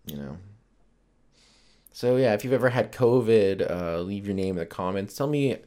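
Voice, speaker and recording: A man's voice: on the low side, expressive, moderate pace, dark tone. A man hosting a solo podcast, rambling casually and swearing freely between jokes. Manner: rambling, profane, joking. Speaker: podcast host.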